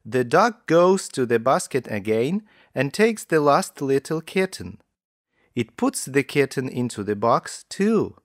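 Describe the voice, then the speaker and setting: A man narrating children's stories in a slow, careful way for English learners, with lively intonation. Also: medium pitch, no room sound, clean studio sound.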